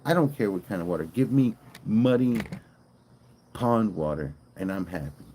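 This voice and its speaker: A man's voice: lowish voice, animated, moderate pace, warm tone, a little hiss or hum. A man streaming live, rambling and joking in casual chat and swearing freely.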